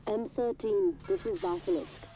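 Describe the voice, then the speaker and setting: An actress voicing a calm, businesslike female mission handler in a video game. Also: mid-range voice, moderate pace, faint music behind, close to an everyday voice, low-quality recording. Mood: reassuring.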